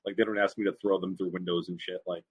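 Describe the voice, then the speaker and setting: A man's voice: deep voice, flat delivery, fast talker, husky. A man who works as a wrestling referee, co-hosting a podcast and adding wry, amused remarks. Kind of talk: casual podcast chat.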